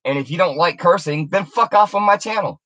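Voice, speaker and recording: A woman's voice: lowish voice, fairly quick, fairly bright tone, dry recording, dull audio. A woman delivering an angry, profane, confrontational rant on her video channel, taunting the person she is addressing. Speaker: YouTuber.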